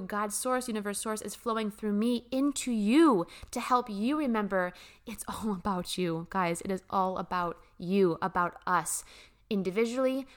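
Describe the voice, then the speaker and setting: A young woman chats about spirituality in a bright, ringing voice. She talks in a gushing, emphatic way and swears casually as she goes. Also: medium pitch. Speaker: spiritual vlogger.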